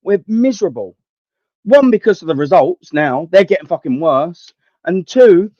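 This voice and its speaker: A man's voice: high-pitched, animated, normal speed, mellow, no echo. A young man hosts a livestream, ranting bluntly and swearing as he talks with his viewers. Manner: blunt, sweary, slangy and heated. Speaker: livestream host. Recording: dull, dry lo-fi stream audio.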